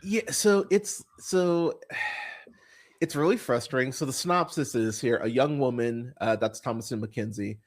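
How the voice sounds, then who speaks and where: A man hosting a casual film podcast at an ordinary pitch. He talks bluntly and swears freely. His rambling is full of fillers and restarts. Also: a little slow. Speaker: podcast host.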